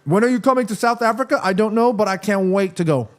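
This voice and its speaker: A man from Korea hosting a live football watchalong stream, reading chat aloud, eating snacks and reacting loudly to the match. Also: high-pitched, fast. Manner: chatty, reads chat aloud, excited shouts at match action.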